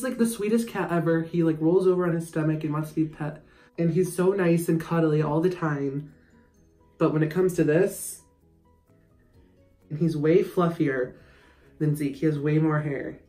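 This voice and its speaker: A man's voice: on the high side, steady tone, a little slow, pauses often, darkish tone, roomy sound, faint music behind. A young man chatting casually in a vlog, giggly and prone to yelps, recorded in a home bathroom. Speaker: vlogger.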